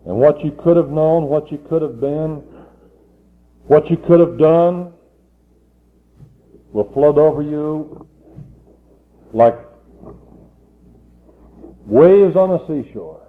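A man's voice: on the high side, slow pace, pauses often. A man, an evangelist preaching a sermon and telling a story, pressing hard and building to fervent pleas. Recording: tinny phone-like old recording.

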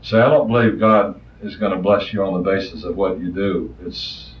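A man's voice: low voice, steady tone, normal speed. Impassioned preacher man, roomy distant sound. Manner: impassioned, swings between loud rises and soft asides. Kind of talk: sermon. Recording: distant, roomy, muffled old recording.

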